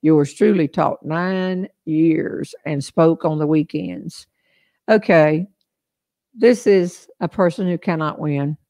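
A woman's voice: sits low, slow pace, dark tone. An older woman with a Southern US accent hosting a casual live-stream chat, folksy and chatty, laughing often. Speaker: host.

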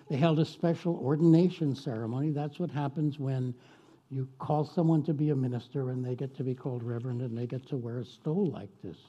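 A man's voice: medium pitch, warm tone, husky, muffled recording. A man, a guest minister, telling a story in a sermon with folksy, chatty asides to the congregation.

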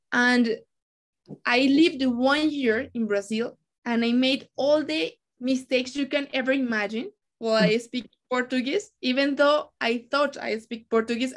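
A woman from Colombia with a Colombian Spanish accent, speaking English as a guest on an online interview panel, telling her story with lots of restarts. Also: sits high. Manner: animated storytelling with frequent restarts. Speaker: language content creator, guest.

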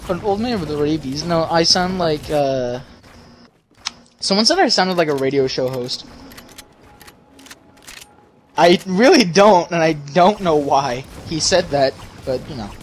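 A young-sounding man jokes with friends during a game, teasing them and breaking into sudden outbursts. His voice sits a bit high and moves through a wide, lively range. A faint noise floor runs behind him. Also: measured pace. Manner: goofy, teasing, swings between loud outbursts and mumbles. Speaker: gamer. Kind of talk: casual gaming chat with friends.

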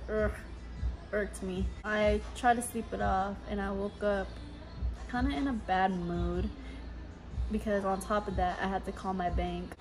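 A young woman vlogging late at night in a recording studio, telling her day's story in a loose, profane, ranting way. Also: medium pitch. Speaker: vlogger and singer. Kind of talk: casual chat to camera.

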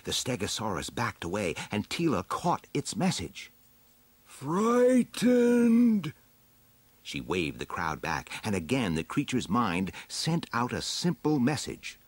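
A man narrating a children's adventure storybook aloud in an expressive, dramatic way. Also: low voice, moderate pace, hardly any pauses, slightly rough, no room sound. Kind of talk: storybook reading.

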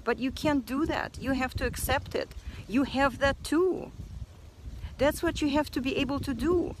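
A woman's voice: high-pitched, moderate pace, a little hiss or hum, poor audio. A woman speaking earnestly in a personal reflective vlog, repeating phrases for emphasis. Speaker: self-help vlogger.

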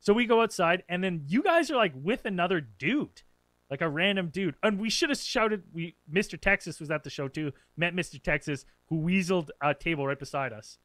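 A man co-hosting a podcast, casually telling a story to friends in an animated, profane way and acting out what people said. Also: sits high, fairly quick, no echo. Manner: animated, profane, acts out quotes. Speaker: podcast co-host.

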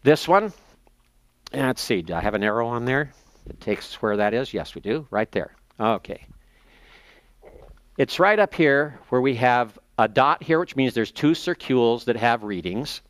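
Man teaching at a slow, careful pace. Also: medium pitch, lively intonation, dry recording. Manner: slows down to spell out terms and page references; thinks aloud while searching his notes. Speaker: seminary professor. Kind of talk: classroom lecture.

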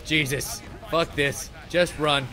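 A young man commentating over gameplay in a sarcastic, comedic way, swearing and panicking loudly, with game music behind him. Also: a little high, steady tone, slow. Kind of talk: comedic let's play commentary.

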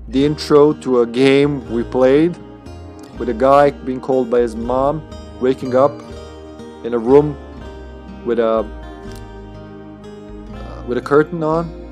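A man's voice: mid-range voice, fairly even intonation, takes it slowly, pauses often, a little mellow, soft background music. A man streaming a video game, chatting casually and jokingly as he plays. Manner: playful, joking, reads in-game lines aloud. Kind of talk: casual gameplay commentary.

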